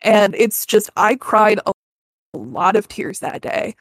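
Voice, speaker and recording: A woman's voice: mid-range voice, animated, a little slow, dry recording, clean studio sound. A woman in her thirties, a podcast guest telling personal stories in an earnest, candid way, swearing freely and often restarting sentences. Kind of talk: casual personal storytelling.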